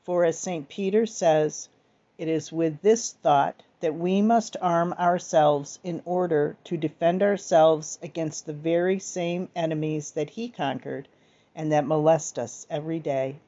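Woman reading devotional text, low and gentle, slightly dull recording. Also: steady tone, a little slow. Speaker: devotional reader.

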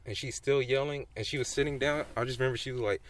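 A man's voice: medium pitch, fairly even intonation, quick pace. A young man co-hosting a podcast in casual chat, telling rambling stories and giggling often. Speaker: podcast co-host.

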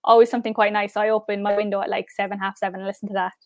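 A woman's voice: mid-range voice, little pitch movement, racing, no echo, clean studio sound. A young woman with an Irish accent, a guest in a casual interview, chatty and upbeat with lots of "like" and "I suppose". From Ireland. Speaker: interview guest, pageant finalist.

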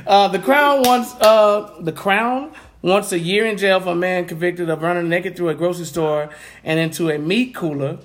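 A man's voice: sits high, steady tone, moderate pace. A man co-hosting a casual comedic chat about odd news, joking, cursing and laughing often. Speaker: co-host.

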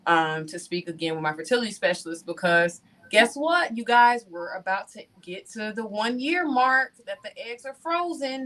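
Woman, storyteller, video call from home, animated, talks to her viewers. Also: mid-range voice, normal speed, few pauses, rough recording. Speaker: guest telling her story. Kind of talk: casual testimony to an online audience.

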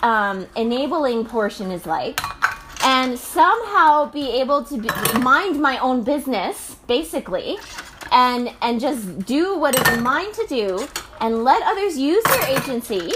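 A woman in her thirties, a mother, musing in a casual, chatty, animated monologue full of fillers and laughs. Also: sits high, measured pace, background noise.

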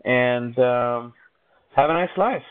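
Male podcast host, casual joking banter, average pitch, narrow phone-like audio. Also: takes it slowly, clear, resonant tone. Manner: joking, teasing, rambling. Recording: tinny phone-like sound.

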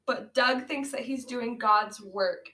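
A woman's voice: a little high, slow, bright, forceful tone. A woman co-hosting a casual movie-review podcast, recapping a bad film with sarcasm, frequent laughter and swearing. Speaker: podcast co-host. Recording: echoey room, amateur audio.

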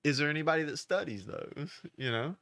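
A young man co-hosting a casual podcast, relaxed and joking, with lots of filler phrases. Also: fairly high pitch, fairly quick, no room sound. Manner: laid-back, joking, lots of "you know". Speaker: podcast co-host. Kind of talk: casual chat.

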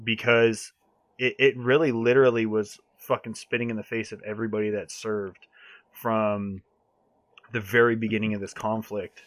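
A man's voice: on the low side, flat delivery, moderate pace, no room sound. A man ranting hard in a casual podcast chat, heated and swearing often.

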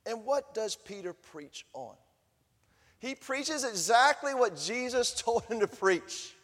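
A man preaching a sermon, animated, swinging from hushed lines to booming ones. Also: takes it slowly, long reverb tail. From Southern United States. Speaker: pastor.

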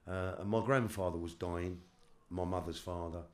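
A middle-aged London man with a very deep voice, telling his life story as an interview guest. He speaks haltingly and often stops to repeat his words. His talk is loose and full of street slang. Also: fairly even intonation. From London, England.

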